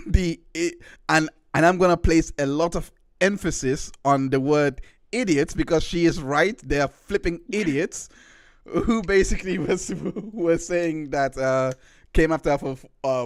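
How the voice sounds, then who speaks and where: This is a man with a fairly high voice for a man. He hosts a reaction livestream, joking and laughing as he talks. He is quick to toss in a mild curse. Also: clear, resonant tone, no room sound. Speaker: livestream host.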